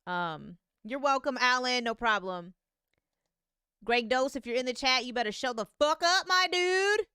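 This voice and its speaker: A woman hosting a live music review stream, talking casually with excitement, swearing and laughing often. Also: on the high side, moderate pace, smooth, dry recording, clean studio sound.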